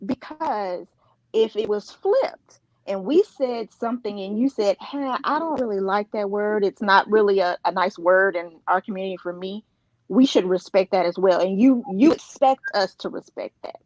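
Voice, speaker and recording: Woman panelist, emphatic and earnest, mid-pitched, dry and slightly muffled sound. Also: moderate pace, darkish tone, no room sound. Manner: earnest, emphatic, with frequent restarts. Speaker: panel guest. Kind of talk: panel discussion.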